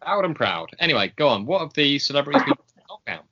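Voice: medium pitch, sing-song, pushed and bright, dull audio. A podcast co-host in casual comedic chat, teasing and often laughing. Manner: teasing, laughing, quick-witted.

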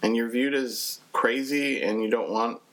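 A man's voice: medium pitch, fairly even intonation, unhurried, a bit bright, low-quality recording. A young man hosting a podcast, talking candidly in a rambling way with many restarts. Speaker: podcast host. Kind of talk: casual podcast chat.

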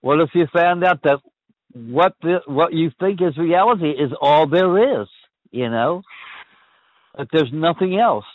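An older man hosts a call-in chat, pondering big questions aloud and tripping over his own restarts. His voice sits a little high and swings widely. It comes through dry and narrow, like a phone line. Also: expressive, measured pace, no room sound. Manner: ponderous, repeats and restarts phrases. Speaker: call-in show host.

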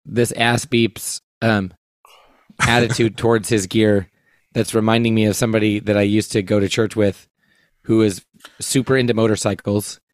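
A man co-hosting a podcast, telling a story in casual chat, halting and full of fillers. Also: on the low side, little pitch movement, clean tone, no room sound. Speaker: podcast co-host.

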